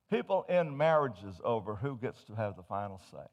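A man preaching a sermon, telling humorous stories and swinging from hushed to loud as he tells them. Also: on the low side, sing-song, moderate pace, muffled recording.

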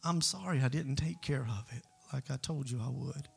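A man's voice: medium pitch, moderate pace, creaky, husky, soft background music, heavily acted. A man voicing a sad little boy who speaks timidly and apologetically in a retold sermon story. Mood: apologetic.

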